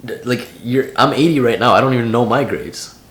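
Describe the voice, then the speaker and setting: A man's voice: mid-range voice, a little fast, a bit bright, roomy sound. A young man in his late teens giving casual vlog advice in a loose, slangy way full of "like". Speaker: vlogger.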